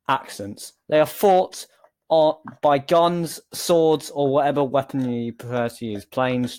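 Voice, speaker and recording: A male reaction host talks back to the clips he plays, sounding incredulous and exasperated as he takes the arguments apart. His voice is at a typical middle pitch for a man, in a casual commentary style. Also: darkish tone.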